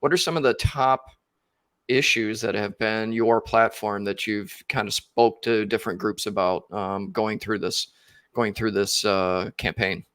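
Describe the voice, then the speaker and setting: Low-voiced man hosting, dry sound. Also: steady tone, unhurried, fairly bright tone, no echo. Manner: rambling, many fillers and restarts. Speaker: podcast host. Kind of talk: casual podcast interview.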